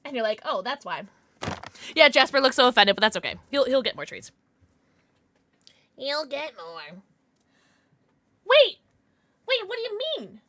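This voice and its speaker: A woman live streamer chatting casually with her viewers, chatty and quick to swear. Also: high-pitched. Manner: chatty, lively, swears freely.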